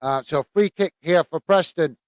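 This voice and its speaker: A British man hosting a live football watch-along, chatting in a friendly, halting way with many fillers while reading viewer messages. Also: fairly high pitch, no echo.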